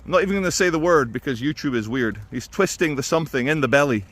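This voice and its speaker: A man talking through his opinions in a casual, animated monologue to camera. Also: a little high, fast talker. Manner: conversational and animated, with quoted impressions. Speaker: video commentator.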